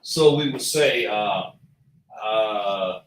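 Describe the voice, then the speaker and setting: Slow man teaching in an echoey room. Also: fairly low pitch, far from the mic. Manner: slow, patient, repeats sounds, thinks aloud. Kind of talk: slow classroom lesson at a chart.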